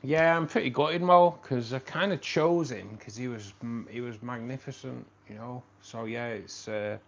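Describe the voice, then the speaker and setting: Mancunian male host, mid-pitched, rambly and friendly with "mate", muffled lo-fi sound. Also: moderate pace, gravelly. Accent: Manchester. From Manchester, England. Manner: rambling, repeats phrases, says "mate" a lot. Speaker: live stream host. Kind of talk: casual live-stream chat with viewers. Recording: dull lo-fi stream audio.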